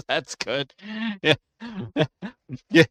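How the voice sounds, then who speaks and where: A man hosting a reaction channel, commenting in an excited way and often exclaiming and restarting his sentences. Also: mid-range voice, no echo.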